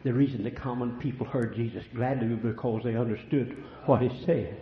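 A man's voice: medium pitch, fairly even intonation, a little fast, a crowd in the background. Older country preacher guy telling stories, muffled lo-fi recording with a roomy echo. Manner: folksy storytelling, swings between hushed and loud. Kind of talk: sermon. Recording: echoey room, dull lo-fi sound.

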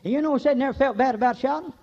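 An older man, preaching a folksy sermon full of stories, swinging between shouts and hushed talk. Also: very high-pitched, racing, muffled recording. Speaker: pastor.

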